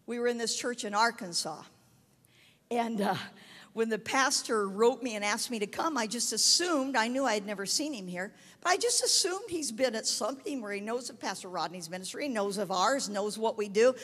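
A woman preacher tells a testimony in sermon style, her voice high and carrying. Her storytelling builds to shouted proclamations, and each word trails off into the long reverb of a big hall. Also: animated, normal speed.

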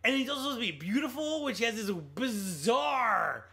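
Male podcast co-host, animated and sarcastic, high lively delivery. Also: moderate pace. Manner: animated, sarcastic, quotes movie lines; swears casually, lots of restarts. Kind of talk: casual film review chat.

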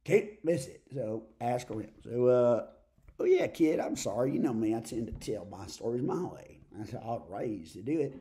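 Southern man, mellow voice, folksy rambling preacher bit, slips into quoted voices. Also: mid-range voice, sing-song, moderate pace. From Texas. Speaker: comic preacher character. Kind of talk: rambling comic monologue.

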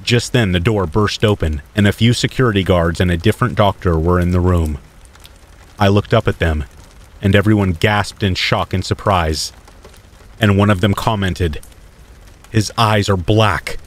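A man reading a scripted first-person horror story in a steady, measured way. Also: deep voice.

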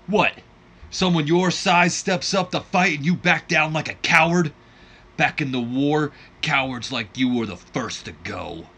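A man voicing a fired-up war-veteran wrestler cutting a loud, taunting promo. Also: on the high side, a little slow, full character voice.

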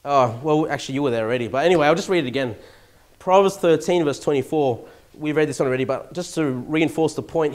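An Australian pastor preaching a sermon in church, animated, swinging from loud emphasis to hushed asides and chuckling now and then. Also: male voice, on the high side, quick pace.

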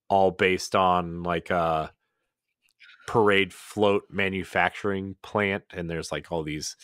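A man with a very low, deep voice talks loosely on a podcast, wandering through his thoughts with plenty of fillers and restarts. His voice is recorded close and dry, with no room sound. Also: fairly bright tone, clean tone, dry recording. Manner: rambling, many "like"s and restarts. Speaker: podcast co-host. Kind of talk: casual podcast chat.

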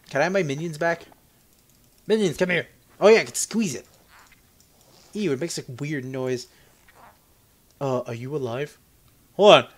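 A young man giving casual, profane gameplay commentary, joking and laughing as he plays. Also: a bit bright. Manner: jokey and profane, laughing often, yelping in high squeaks when startled. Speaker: let's play gamer.

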